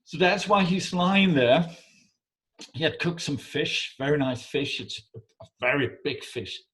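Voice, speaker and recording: A man's voice: fairly high pitch, animated. Guy telling a troll story, stops and restarts a lot, keeps asking "right?". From Denmark. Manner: halting, warm, repeats words, asks listener for agreement. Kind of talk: oral folk storytelling.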